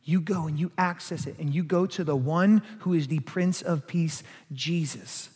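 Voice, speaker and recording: A man's voice: fairly high pitch, moderate pace, a little mellow, breathy edge. A man preaching a sermon as pastor, emphatic, rising and falling in force. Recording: long hall reverb.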